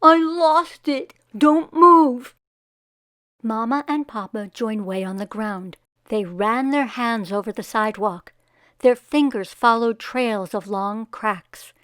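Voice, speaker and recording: A woman reading a children's picture book aloud, giving the characters voices and pausing to ask young listeners what will happen next. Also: mid-range voice, no room sound, clean studio sound.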